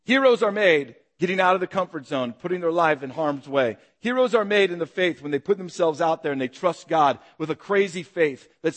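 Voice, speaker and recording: A man preaching a sermon, asking the congregation rhetorical questions and acting out calls and shouts. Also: on the high side, long reverb tail. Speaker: pastor.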